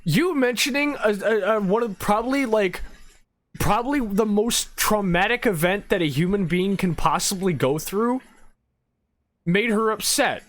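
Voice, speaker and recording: A woman's voice: medium pitch, a little slow. A woman streamer in casual gaming chat, rambling and profane, laughing often.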